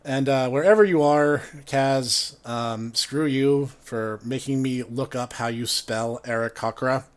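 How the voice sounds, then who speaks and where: A man casually recounting tabletop game stories to a co-host, animated and laughing along the way. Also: medium pitch. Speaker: podcast co-host, former tabletop player. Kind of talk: casual storytelling chat.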